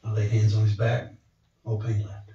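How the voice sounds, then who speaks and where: A man's voice: on the low side, normal speed. A man telling a storytelling testimony to a church gathering, acting out the voices he quotes. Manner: animated retelling, acts out quoted voices. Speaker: speaker sharing testimony. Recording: roomy, distant, dull church recording.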